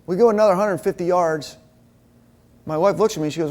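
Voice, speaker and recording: A man with a fairly high voice preaches to a men's group in an easy, conversational way. He tells stories from his own life and plays out the back-and-forth of each conversation. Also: a little fast, a little mellow. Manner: conversational, acts out dialogue in stories. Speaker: men's ministry speaker. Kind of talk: sermon told through personal stories.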